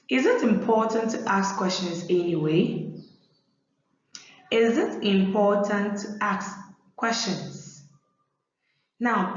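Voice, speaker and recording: Slow-speaking woman teacher in an echoey room. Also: mid-range voice. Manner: slow, repeats each point for pupils. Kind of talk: classroom lesson for young pupils. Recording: very echoey room, dull lo-fi sound.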